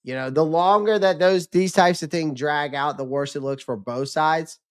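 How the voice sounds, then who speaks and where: A man's voice: fairly high pitch, normal speed, clean tone. A man hosting a casual livestream, talking in a loose, rambling way with many restarts and fillers, his voice a little worn as he says he is losing it. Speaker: livestream host.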